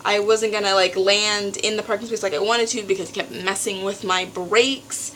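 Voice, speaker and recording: A teenage girl vlogging at home, telling a story in an animated way and acting out what others said. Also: mid-range voice, normal speed, slight background noise, low-quality recording. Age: teens. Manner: animated storytelling, acts out quotes. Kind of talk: casual venting vlog.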